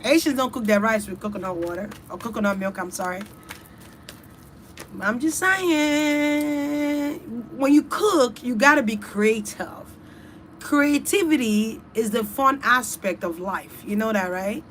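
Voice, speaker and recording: Woman host, casual rambling chat, swears freely, addresses viewers directly, a little high-pitched. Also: lively intonation, a little slow, a bit bright, a little hiss or hum. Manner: loose, profane, chatty, talks straight to her audience. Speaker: online reader and host.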